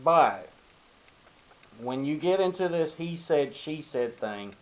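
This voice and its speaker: A man's voice: a little high, animated, slow pace, long pauses, rough recording. An older man from Arkansas, giving casual, rambling advice to young men, full of ums and you-knows. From Arkansas, USA. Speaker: vlogger. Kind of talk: casual advice talk to camera.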